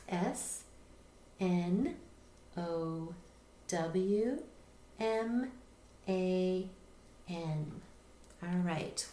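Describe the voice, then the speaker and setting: A woman's voice: on the low side, a little mellow. A woman teaching a reading lesson, patiently spelling words out letter by letter. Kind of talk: recorded phonics lesson. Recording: echoey room with faint noise.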